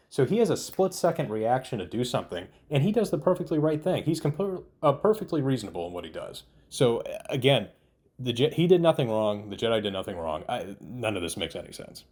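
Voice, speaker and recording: A man's voice: medium pitch, big pitch swings, a little fast, darkish tone, slightly rough. A man giving a casual spoken TV review, exasperated and incredulous, often laughing in disbelief. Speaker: TV show reviewer.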